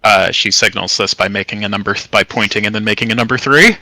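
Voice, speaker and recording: A man's voice: on the low side, fast talker, bright, forceful tone, dry recording. A man playing in a tabletop game, describing his moves matter-of-factly. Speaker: player. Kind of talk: casual game chat.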